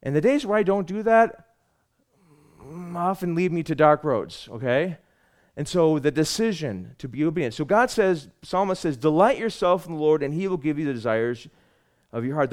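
Man, pastor, sermon, lively pitch swings, loud then hushed delivery. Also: moderate pace. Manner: animated preaching, swinging from loud emphasis to hushed asides.

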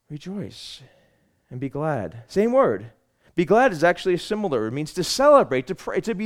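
A man preaching a Sunday sermon as pastor, swinging between loud emphasis and hushed asides. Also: on the high side, big pitch swings, moderate pace.

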